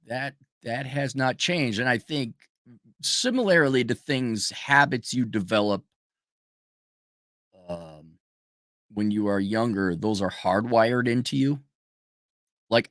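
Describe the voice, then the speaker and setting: A man's voice: lowish voice, no room sound, clean studio sound. A middle-aged man hosting a personal monologue, blunt and profane, ranting animatedly and breaking into mocking impressions. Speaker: show host.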